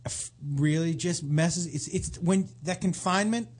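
A man co-hosting a casual radio talk show, animated and swearing, with halting restarts. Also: high voice. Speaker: co-host.

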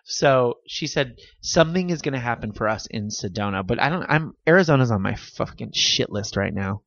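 A man's voice: medium pitch, animated, moderate pace, creaky, a bit bright, no room sound, muffled recording. A man co-hosting a podcast, chatting casually and playfully, now and then swearing. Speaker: podcast co-host. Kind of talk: casual chat.

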